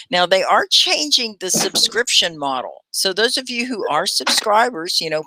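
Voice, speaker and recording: A middle-aged woman from Texas leads a live online English lesson with a bright, forward voice. She is chatty and carefully articulate, calling out viewers by name. The sound is dry and close, with no room around it. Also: fairly low pitch, no echo. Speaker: English teacher and livestream host.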